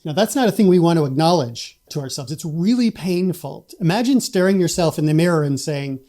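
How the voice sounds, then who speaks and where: A man appearing as a guest coach, explaining ideas in a thoughtful, steady way during an interview. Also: a little high, a little fast. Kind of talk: casual interview chat.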